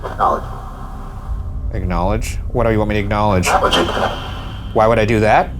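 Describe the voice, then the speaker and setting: A man's voice: fairly low pitch, normal speed, over music. A man investigating a house on a ghost hunt, calling out to spirits in the empty rooms and reacting nervously. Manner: jittery, talks to the empty room, startled outbursts. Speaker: co-host, paranormal investigator. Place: inside a family house.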